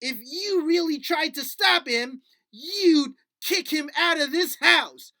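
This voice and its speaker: Man doing a whiny high puppet critter. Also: slow pace, bright, forceful tone, heavily acted. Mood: indignant. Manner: whiny, indignant, sing-song. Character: small fretful male puppet critter, grudge-holding. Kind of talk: puppet skit in a lesson.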